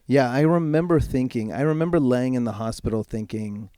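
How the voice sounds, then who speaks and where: A man speaking as a podcast guest, telling a personal story in a frank, casual way and swearing freely, slowing right down when he wants to stress a point. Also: medium pitch, warm tone, smooth, no echo, clean studio sound. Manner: slows right down for emphasis. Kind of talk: candid personal storytelling in conversation.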